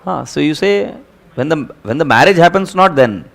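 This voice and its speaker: A man's voice: on the high side, normal speed, vocal fry. A middle-aged man with an Indian English accent, lecturing a class on accounting and often asking if students follow. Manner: animated, keeps checking students follow, mixes in Hindi. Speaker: accounting teacher.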